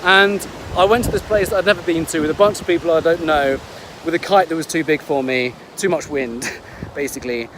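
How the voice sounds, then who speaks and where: A man's voice: on the high side, a little fast. Upbeat Englishman over beach wind. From England. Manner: chatty and upbeat, with restarts. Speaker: health coach. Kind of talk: casual vlog storytelling. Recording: wind and ocean noise behind.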